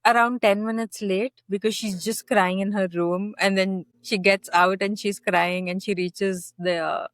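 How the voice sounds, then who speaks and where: A woman's voice: mid-range voice, fairly even intonation, unhurried, clear, resonant tone, no echo. A woman co-hosting a podcast, reacting to the story in casual chat with brief comments. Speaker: podcast co-host.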